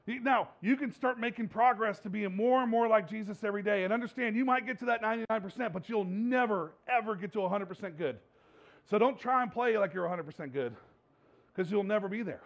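A male pastor preaching a sermon in church in a conversational, animated way, repeating phrases for emphasis. His voice is high and gravelly. The recording sounds dull and lo-fi. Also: a little fast.

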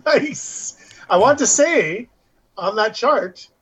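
A man co-hosting a podcast in casual chat, chiming in with quick reactions and eager agreement. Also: very high-pitched, expressive, a bit bright, husky. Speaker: podcast co-host. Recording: dull lo-fi mic.

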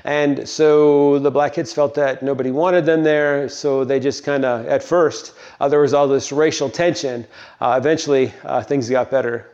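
An older man from Colorado gives a meandering, unhurried devotional talk and prayer, with frequent pauses. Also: medium pitch, fairly even intonation, a little mellow. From Colorado, United States. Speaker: Christian speaker. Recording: dull, lo-fi recording.

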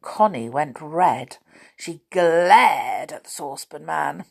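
A woman reading a children's story aloud at a slow, unhurried pace, her voice lively and full of swoops. She paints each scene with expressive, animated reading. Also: deep voice, creaky, breathy edge.

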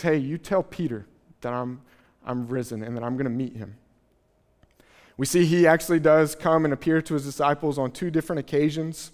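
A male pastor preaches in a fairly high voice, acting out the scripture scenes in casual, animated voices. His words ring out with a long reverb, as though spoken in a large hall. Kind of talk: sermon.

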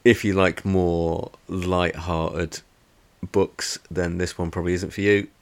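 A man's voice: sits low, level tone, slow. A man hosting a podcast, giving a casual, rambling book review full of hesitant restarts. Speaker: podcast host.

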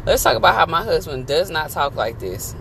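A woman's voice: sits low, very animated, brisk, gravelly, a bit bright. A woman hosting a casual podcast from inside a car, teasing her husband and talking straight to her listeners. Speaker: podcast host. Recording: noisy car interior.

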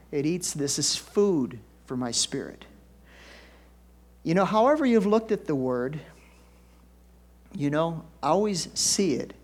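A middle-aged pastor with a voice that sits high delivers a conversational sermon. He's folksy and chatty, leaping into excited bursts and then dropping into soft asides.

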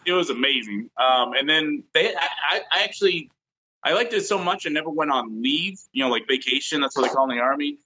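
A man's voice: on the high side, animated, a little fast, bright, forceful tone, breathy edge, highs cut off. A man in his thirties on a video call, chatting casually and acting out quotes as he tells stories. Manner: rambling storyteller, acts out quotes. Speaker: guest.

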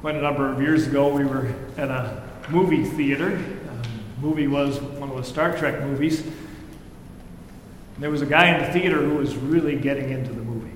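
A pastor giving a sermon, reading scripture and then preaching in a conversational way, acting out the quoted lines with feeling. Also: male voice, steady tone, fairly quick. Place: church sanctuary. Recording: echoey hall with faint rumble.

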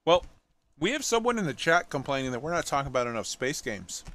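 A man's voice: medium pitch, big pitch swings, fast, a bit bright, no room sound. A man hosting a casual gaming chat, laid-back, passing the talk to others with short replies. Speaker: podcast host.

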